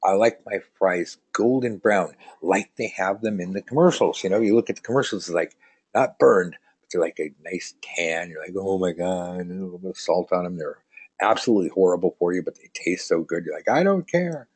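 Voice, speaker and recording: A man's voice: low-pitched, brisk, a little mellow, breathy edge. A man teaching tarot in a casual live online lesson, chatty and joking, reading out viewer comments as he rambles along.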